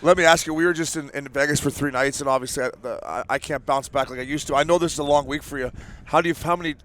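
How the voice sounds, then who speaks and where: A man's voice: on the high side, a bit bright, a little hiss or hum. A man co-hosting a podcast who ribs his guest and cuts in often in casual banter. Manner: quick ribbing, interjects often. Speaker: podcast co-host, former hockey player.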